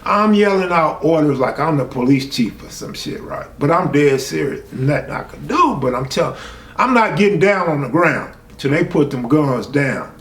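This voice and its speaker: Pitched on the high side, his voice is animated and moves at a normal speed. As stream host, he tells a true story in profane, casual street talk and raises his voice for quotes. A faint hum sits under the echoey room sound.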